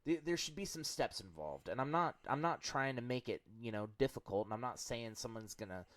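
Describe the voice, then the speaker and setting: A man's voice: medium pitch, expressive, a little fast, a bit bright, no room sound. A man co-hosting a podcast, talking in a blunt, emphatic way with plenty of swearing. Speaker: podcast co-host. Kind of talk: casual chat.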